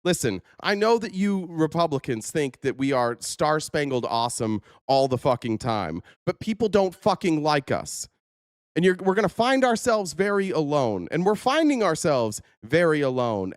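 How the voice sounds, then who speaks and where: A man hosting a profane political rant, sarcastic and mocking, who keeps jumping into squeaky mock voices. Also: dry recording, studio quality. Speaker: political commentary host.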